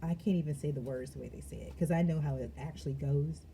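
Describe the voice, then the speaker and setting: Tarot reader, woman, low dark warm voice, casual and giggly, talks straight to her viewers. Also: fast, a little hiss or hum. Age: adult parent of young children. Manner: giggly, breaks into laughter often; chatty, addresses viewers as y'all. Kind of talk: casual tarot reading to camera.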